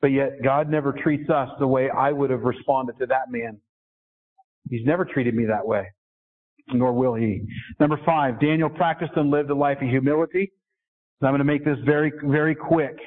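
Earnest preacher, tinny phone-like sound. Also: male voice, on the high side, steady tone, moderate pace. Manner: earnest, asks the congregation questions. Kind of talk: sermon.

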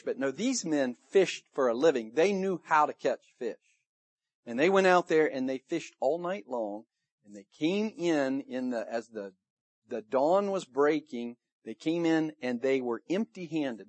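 Animated preacher man with a higher voice. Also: a little slow, dry recording. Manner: animated storytelling, acting out the people he quotes. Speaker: pastor. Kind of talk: sermon. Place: church service room.

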